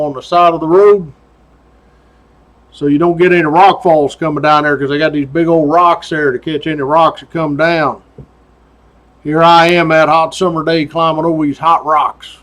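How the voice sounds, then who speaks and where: A man's voice: fairly high pitch, lo-fi sound. A middle-aged man, casually telling a story about his days as a state trooper in a folksy way. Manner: folksy drawl with "doggone" and chuckles.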